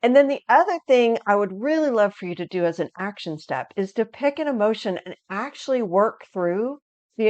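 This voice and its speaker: Energetic woman teaching a video lesson. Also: mid-range voice, no echo, highs cut off. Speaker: resilience educator.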